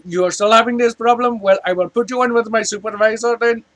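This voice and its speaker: A man's voice: very high voice, fairly even intonation, quick pace, a bit bright, dry recording, pitched above the performer's own voice. A man voicing a polite, formal male call-centre agent in a put-on Indian English accent, stiff and apologetic.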